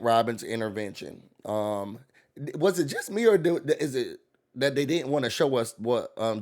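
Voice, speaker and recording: A man's voice: medium pitch, darkish tone. A man hosting a casual, gossipy recap rant, acting out quoted voices. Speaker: YouTube recap host.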